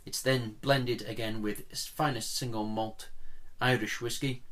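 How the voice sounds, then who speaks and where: A man's voice: medium pitch, fairly even intonation, unhurried, fairly bright tone. A man talking casually at home as he reviews a whisky, chatty and rambling, often digressing and poking fun at himself. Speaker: whisky vlogger reviewing a dram. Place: at home, indoors, blinds closed.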